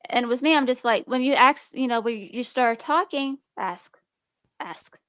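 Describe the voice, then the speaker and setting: A young woman with a slight speech impediment chats on stream in a higher-pitched, rambling way. She keeps restarting her sentences. Her voice sounds close and dry, with no room echo. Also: normal speed, a bit bright, clean tone. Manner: rambling, restarts, talks about being nervous and defensive. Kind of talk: casual chat.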